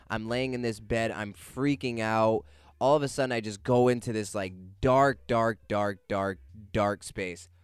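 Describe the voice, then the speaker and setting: Smooth, dry-voiced young man telling a story. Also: medium pitch, no room sound. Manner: animated, swears freely, laughs through the story. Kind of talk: casual first-person storytelling.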